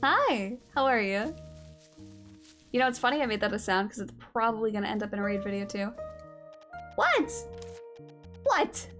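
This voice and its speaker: A woman's voice: medium pitch, fairly quick, fairly bright tone, soft background music. A young woman streaming a game live, chatting casually with viewers in a playful, teasing way and swearing now and then. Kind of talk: casual live-stream chat while gaming.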